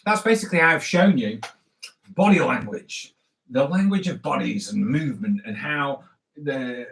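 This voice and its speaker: A man's voice: mid-range voice, expressive, moderate pace, vocal fry, fairly bright tone. A middle-aged man teaching kids to draw comics, chatting as he draws and checking in with "okay?" and "right?". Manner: chatty, talks while drawing, lots of "okay?" and "right?". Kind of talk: drawing lesson for kids. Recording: roomy echo.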